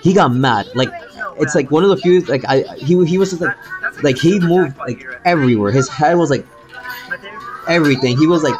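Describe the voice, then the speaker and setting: A man's voice: fairly high pitch, expressive, fast talker, music in the background, poor audio. A man streaming live, telling a long story in a rambling, casual way, repeating words and calling the listener bro.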